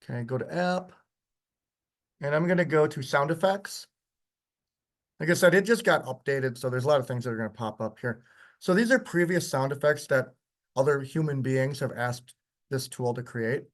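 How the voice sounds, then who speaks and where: A man teaching a workshop, walking through software in a casual, chatty way with frequent ums. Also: medium pitch, moderate pace. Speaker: workshop instructor. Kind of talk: live software demonstration lecture.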